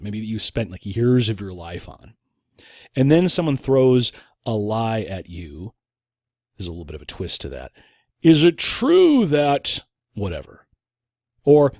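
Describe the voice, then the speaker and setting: Male podcast host, animated delivery, dry close mic. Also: mid-range voice, no room sound. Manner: animated, with frequent restarts and acted-out quotes. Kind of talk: casual opinion podcast monologue.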